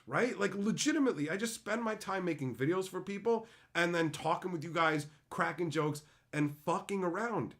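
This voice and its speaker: A man's voice: high voice, moderate pace, hardly any pauses. A man streaming live, chatting casually with viewers, swearing freely and laughing often. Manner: profane, animated, laughs often. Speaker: streamer and entertainer. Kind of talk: casual livestream chat with viewers.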